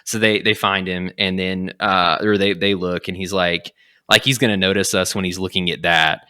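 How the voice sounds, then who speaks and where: A young man hosting a podcast, casually retelling a comic story and acting out its lines in quick quotes. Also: sits low, fairly even intonation, bright, forceful tone, clean tone. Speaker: podcast host.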